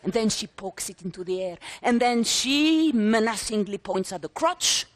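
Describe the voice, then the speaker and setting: A woman's voice: medium pitch, lively intonation, moderate pace, a little hiss or hum. A woman performing a story on stage, telling it in a dramatic, theatrical way with vivid lists and emphatic repeats. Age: 60s. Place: conference stage before a live audience.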